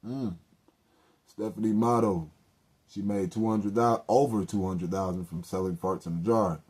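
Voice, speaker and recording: Low, mellow-voiced man telling loose stories. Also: fairly even intonation, moderate pace, husky. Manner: loose, profane, joking asides and self-corrections. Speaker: podcast host. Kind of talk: casual solo storytelling.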